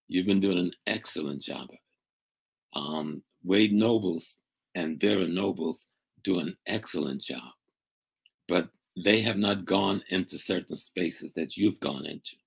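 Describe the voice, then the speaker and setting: A man's voice: deep voice, vocal fry, slightly rough, low-quality recording. An older man from the United States telling a story with emphatic, dramatic delivery as an interview guest over a video call. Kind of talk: storytelling in a conversation.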